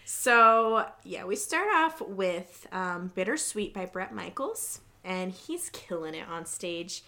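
A woman co-hosting a podcast in casual chat, recapping a reality show, chatty and relaxed, laughing often. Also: fairly low pitch, slow pace.

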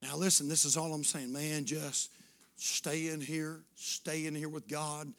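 A man preaching a fervent sermon as pastor, repeating phrases and building to shouts. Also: fairly high pitch, little pitch movement, unhurried.

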